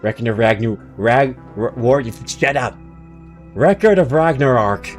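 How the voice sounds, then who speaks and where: A young man streaming a game, chatting with viewers in a self-mocking, animated way that jumps into high exclamations. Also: measured pace, faint music behind. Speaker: streamer and voice actor. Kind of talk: casual live-stream chat while playing.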